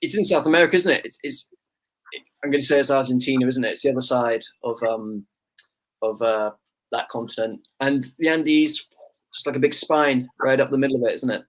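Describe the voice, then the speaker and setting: A man's voice: medium pitch, brisk. A man co-hosting an online quiz, chatting about the answers in a joking, self-deprecating way. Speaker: quiz co-host. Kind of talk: casual quiz answer chat.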